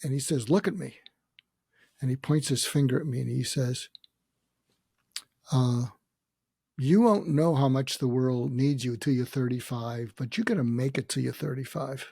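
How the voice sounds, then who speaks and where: Older man with a gravelly voice. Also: medium pitch, moderate pace, pauses often, warm tone, no room sound, clean studio sound. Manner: reflective, with many hesitations and quoted dialogue. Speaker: podcast guest. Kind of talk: storytelling in a conversation.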